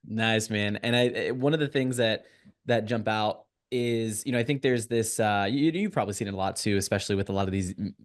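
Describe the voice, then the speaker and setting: Hesitant low-voiced male host. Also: a little fast. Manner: hesitant, many fillers and restarts. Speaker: interview host. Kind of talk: casual interview chat.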